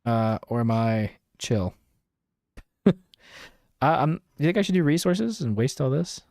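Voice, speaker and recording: A man's voice: medium pitch, animated, unhurried, darkish tone, dry recording, studio quality. Self-mocking young man streaming a game. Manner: self-mocking, chatty, reads and answers chat. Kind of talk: casual live-stream gameplay chat.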